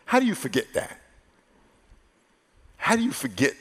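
A man's voice: a little high, huge pitch swings, moderate pace, fairly bright tone, slightly rough. A male pastor preaching a conversational, humorous sermon to a live congregation, often acting out the voices of the people in his story. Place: large church hall. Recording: long echo of a big hall.

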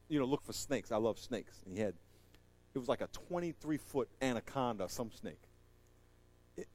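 A man doing stand-up storytelling, animated and acting out the voices in his story while laughing at it himself. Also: mid-range voice, no echo. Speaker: comedian.

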